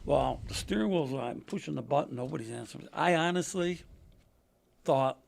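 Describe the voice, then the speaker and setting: Gravelly older man telling racing stories. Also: fairly high pitch, moderate pace. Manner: animated storyteller, acts out quotes in raised voice. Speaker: podcast guest, retired race car driver. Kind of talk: casual storytelling interview.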